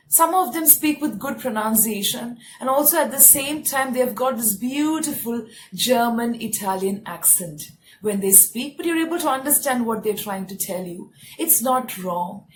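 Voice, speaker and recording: A woman's voice: fairly high pitch, a little hiss or hum, low-quality recording. Patient Indian woman teaching English. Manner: patient, explanatory, repeats key words with emphasis. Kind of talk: spoken English lesson to camera.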